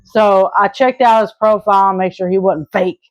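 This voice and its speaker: A woman with a steady, mid-range voice talks at a moderate pace over dull audio with no echo. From Arkansas and in her thirties, she fields viewer questions casually, earnest but rambling, with many fillers and restarts.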